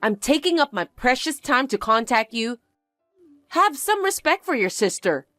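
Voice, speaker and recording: A woman's voice: high voice, big pitch swings, moderate pace, fairly bright tone, no echo, faint music behind. A woman voicing a spoiled, boastful young stepsister who talks in a condescending, whiny and demanding way. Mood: smug, bratty. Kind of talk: dramatized story reading.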